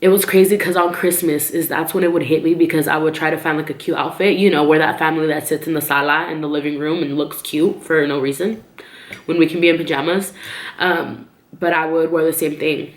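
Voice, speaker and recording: A woman with a low voice talks openly to her camera in a casual personal vlog. She is chatty, with frequent ums and likes, and the room around her is echoey. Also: steady tone, a little fast. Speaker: vlogger.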